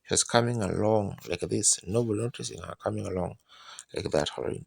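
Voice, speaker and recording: A man's voice: on the low side, brisk, creaky, a little mellow, slightly rough, no echo. A man preaching a sermon, telling a personal story in a folksy, colloquial way and acting out moments as he goes.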